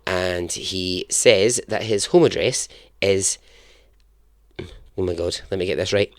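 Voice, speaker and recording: A man's voice: low voice, slow, a little mellow, no echo, studio quality. A man hosting a podcast, telling a true story in a chatty, self-deprecating way and chuckling at his own jokes. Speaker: podcast host. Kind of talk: casual storytelling narration.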